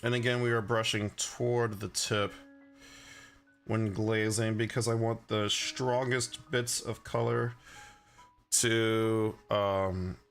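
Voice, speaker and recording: A man with a low, gravelly voice talks casually on a livestream as he paints. He rambles, fills gaps with "like" and "uh", and answers his chat. Soft music plays quietly under him. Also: flat delivery, slow. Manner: rambling and chatty, full of fillers and chuckles, reads chat aloud.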